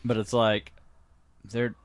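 A man's voice: fairly low pitch, flat delivery, slow pace. A man co-hosting a podcast, trading loose banter with swearing in casual chat. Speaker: podcast co-host.

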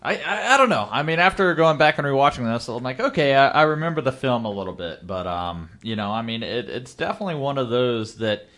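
A man's voice: mid-range voice, sing-song, a little fast, few pauses, fairly bright tone. A man chatting casually about a movie, rambling with many fillers. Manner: rambling, full of "you know" fillers. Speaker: movie podcast co-host. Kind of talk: casual chat.

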